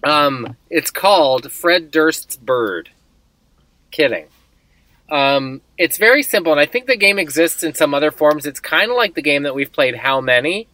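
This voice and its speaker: A man's voice: a little high, lively intonation, a little slow, bright, forceful tone, dry recording. A man co-hosting a casual podcast chat, joking dryly and laying out the rules of a word game. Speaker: podcast co-host.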